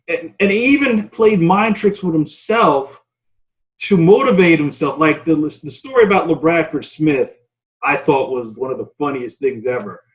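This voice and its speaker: High-voiced male interviewer. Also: rough recording. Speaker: interviewer, host. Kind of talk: casual interview.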